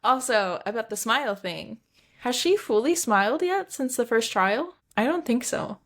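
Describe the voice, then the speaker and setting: A woman's voice: a little high, animated, normal speed, fairly bright tone. A young woman co-hosting a casual book podcast, chatty and rambling, sometimes tripping over her words. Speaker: podcast co-host. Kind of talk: casual book-discussion chat.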